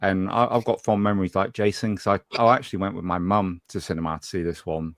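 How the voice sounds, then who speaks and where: A low-pitched man talks in an easygoing, reflective way. The voice sounds dry and close, with no room sound around it. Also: steady tone, fast, no room sound. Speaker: podcast co-host. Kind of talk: casual chat.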